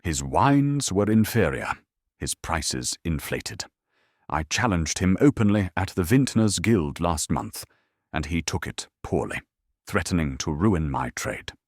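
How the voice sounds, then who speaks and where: A composed French businesswoman with a faint French accent, crisp and defiant, as a man voices her. The delivery is lively in pitch and recorded dry. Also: a little slow, dry recording, heavily acted.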